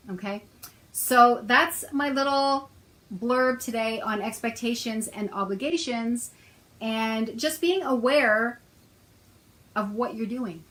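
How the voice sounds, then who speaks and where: A woman's voice: a little high, a bit bright, poor audio. A middle-aged woman talking casually to her viewers, telling a personal story in a chatty way with a sarcastic edge. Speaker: self-help author and host.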